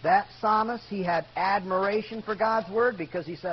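A male pastor preaching emphatically, calling out "amen" to the congregation and swinging from loud to hushed. The recording is dull and lo-fi, with a faint hum. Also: high-pitched, moderate pace. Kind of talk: sermon.

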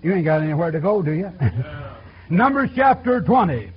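A man's voice: high voice, lively intonation, normal speed, highs cut off. A man preaching a sermon in a folksy, repetitive style, calling out to his congregation.

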